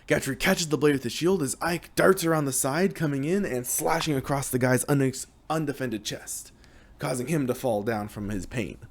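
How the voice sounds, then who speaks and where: A man's voice: medium pitch, moderate pace. Casual young man telling a game story. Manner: lively, hesitant retelling with restarts.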